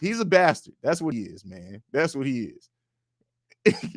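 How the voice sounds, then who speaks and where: Hosting a casual fan livestream in his home studio, a young man reads viewer comments and trash-talks with profanity at a measured pace. His pitch swings widely and his volume shifts from loud bursts to low mumbles, with no room sound.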